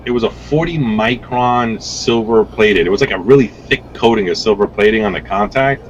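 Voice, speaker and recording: A man chatting as a guest on a podcast, his voice sitting somewhat low. He tells stories loosely, with plenty of cursing and restarts. A faint hum of noise sits behind him. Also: normal speed, muffled recording. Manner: rambling, profane, repeats himself. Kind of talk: casual storytelling chat.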